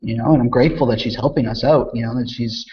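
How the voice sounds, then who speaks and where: A man in a casual online discussion who speaks in a measured way and repeats words as he starts. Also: mid-range voice, lo-fi sound.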